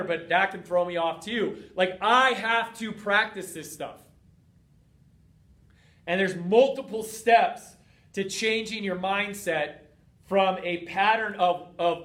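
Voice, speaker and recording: A man's voice: high-pitched, a bit bright, roomy sound. A man hosting a motivational talk, earnest and repetitive, sometimes acting out despairing inner voices. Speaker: host of a multiple sclerosis fitness and mindset show. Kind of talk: motivational monologue.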